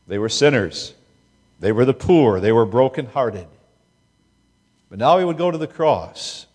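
Man, pastor, sermon, slow deliberate delivery, long reverb from a big hall. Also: medium pitch, a little mellow. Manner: slow, deliberate preaching with emphatic rises.

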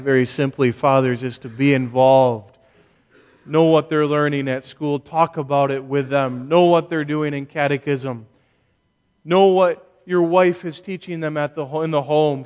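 A man preaching a sermon as a pastor, earnest and emphatic, with deliberate pauses. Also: mid-range voice, in a large hall.

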